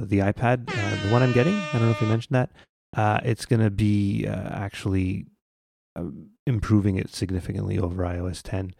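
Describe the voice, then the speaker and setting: A man's voice: fairly low pitch, creaky, background noise. A man co-hosting a podcast, chatting casually about gadgets with frequent ums and restarts. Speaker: podcast co-host. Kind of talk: casual tech chat.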